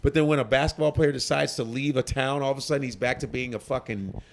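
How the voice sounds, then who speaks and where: A male comedian in a casual interview, ranting in a profane, animated way. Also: medium pitch, fast talker, creaky. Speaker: comedian guest.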